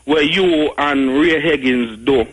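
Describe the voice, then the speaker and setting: A man's voice: on the high side, slow, husky, highs cut off. A Jamaican man calling a radio show by phone, rambling in casual chat and often saying "you know.". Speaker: radio caller. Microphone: phone call.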